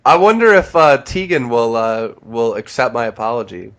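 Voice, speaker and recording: A man's voice: medium pitch, very animated, moderate pace, lo-fi sound. Brash, swearing podcast co-host man. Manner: heated, storytelling, frequent swearing. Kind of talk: casual profane chat.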